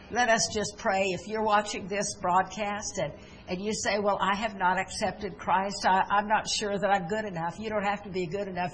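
A woman's voice: mid-range voice, a little hiss or hum, rough recording. A woman pastor preaching a sermon in a church, earnest and leading a prayer, with many fillers and restarts.

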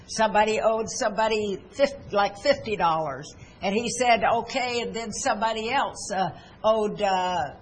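A woman's voice: mid-range voice, poor audio. A woman pastor delivers an earnest sermon in a church and leads her listeners in prayer. She often stops herself with fillers and restarts. A faint hiss sits under the recording.

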